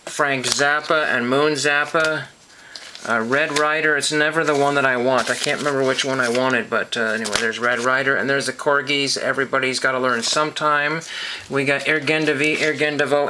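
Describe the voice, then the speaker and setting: A man's voice: medium pitch, noisy background. A man casually showing his box of records, rambling and hesitant with many ums and self-corrections. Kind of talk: casual show-and-tell monologue.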